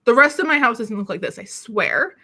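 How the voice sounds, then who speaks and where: A woman's voice: on the high side, sing-song, brisk, bright, forceful tone, slightly rough. A woman chatting casually on her home vlog, rambling and self-deprecating, a little out of breath and coughing now and then. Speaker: beauty YouTuber. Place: small city apartment alcove.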